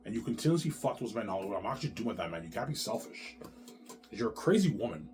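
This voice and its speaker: A man's voice: on the low side, sing-song, quick pace, music in the background. A man talking on his own in a long, rambling, repetitive monologue, with heavy swearing and slang. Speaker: vlogger.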